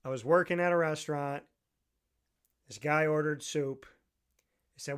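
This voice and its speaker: Animated young man hosting a chat. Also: fairly high pitch, measured pace, long pauses, clear, resonant tone. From central New York. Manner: animated storyteller, acts out voices in anecdotes. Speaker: podcast host. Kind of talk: casual chat.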